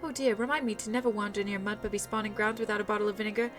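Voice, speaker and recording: A woman's voice: mid-range voice, fairly even intonation, rapid-fire, close to an everyday voice. A woman reading a folksy camp cook. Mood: chatty. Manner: folksy, old-fashioned chatter. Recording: faint music behind.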